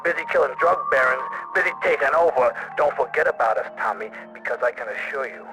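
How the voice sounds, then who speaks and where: An actor voicing a menacing mobster who speaks in a mock-friendly, threatening way in a game cutscene. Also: male voice, medium pitch, quick pace, music in the background, lightly acted, poor audio. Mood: mock-friendly menace. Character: menacing mobster calling an old associate. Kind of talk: video game cutscene acting.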